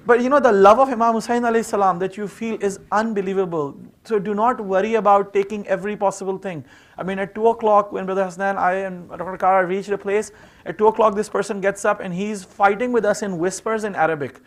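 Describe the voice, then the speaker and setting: A man's voice: sits high, steady tone, fast talker. A man giving an informal seminar talk, telling stories in a conversational way with plenty of fillers. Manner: conversational, full of "you know" fillers. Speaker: seminar speaker.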